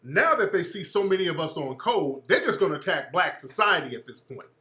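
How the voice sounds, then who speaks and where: A man rants through a political commentary monologue, blunt and profane. His voice sits a little high and cuts through brightly, and an echoey room rings around him. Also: brisk. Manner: blunt, profane, animated ranting. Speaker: radio show host.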